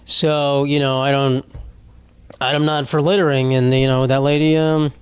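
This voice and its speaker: A man's voice: medium pitch, level tone, unhurried, clear, resonant tone, no echo. A young man hosting a casual solo podcast, rambling and profane, laughing as he reads posts aloud. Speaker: podcast host.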